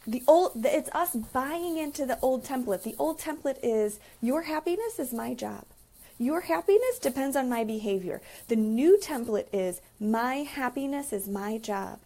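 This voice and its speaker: A woman therapist and relationship coach talking casually about boundaries, acting out quoted conversations with lively emphasis. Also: high-pitched, moderate pace. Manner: animated, acts out quoted dialogue. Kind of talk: casual advice monologue.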